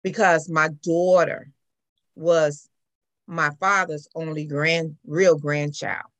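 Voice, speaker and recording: A middle-aged woman, telling her personal story as an interview guest in an animated way. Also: low-pitched, slow, no room sound. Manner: animated storyteller, acts out quoted voices. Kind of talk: personal account in conversation.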